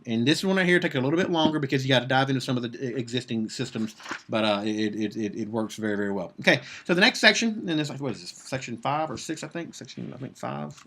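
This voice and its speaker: A man's voice: mid-range voice, lively intonation, fast talker, fairly bright tone, slight background noise. A man coaching agency owners in a live video session, blunt and profane, driving his points home with repeated "okay?". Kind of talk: Facebook Live business coaching talk.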